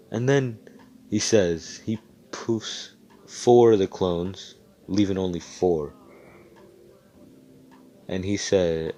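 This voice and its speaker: A deep-voiced man tells an invented fan story on voice chat through a computer mic, rambling casually, cursing often, and getting excited as he goes.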